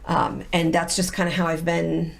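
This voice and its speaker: A woman's voice: on the low side, normal speed, vocal fry. A middle-aged woman, a guest and the host's wife, telling a personal story in candid conversation and acting out the voices of people she quotes. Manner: animated, acts out quoted voices.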